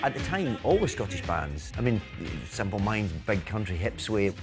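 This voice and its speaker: A man's voice: fairly low pitch, big pitch swings, moderate pace, loud music behind the voice. A man interviewing a musician, asking chatty, colloquial questions. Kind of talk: casual interview.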